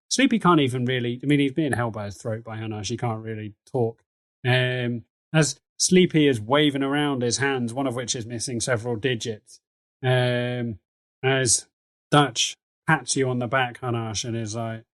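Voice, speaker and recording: A man's voice: medium pitch, normal speed, a bit bright, dry recording, studio quality. A man narrating a tabletop game as game master, rambling and joking with lots of fillers. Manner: rambling, jokey, full of fillers.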